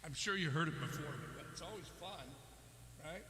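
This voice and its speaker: High-voiced man bantering from the stage. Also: normal speed, slight background noise. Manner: joking, folksy. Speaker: musician entertaining an event. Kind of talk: stage banter and joke telling. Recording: echoey hall, loud live music.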